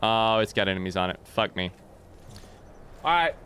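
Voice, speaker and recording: Man, casual gameplay commentary, lively swooping pitch, cursing, faint background noise. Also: moderate pace. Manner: animated, swears often, talks to game characters. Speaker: let's play gamer.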